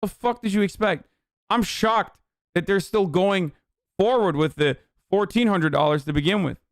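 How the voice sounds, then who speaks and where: A man's voice: high voice, normal speed, no echo, studio quality. A young man streaming political commentary, ranting bluntly with a lot of swearing and exasperation. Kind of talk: casual livestream commentary.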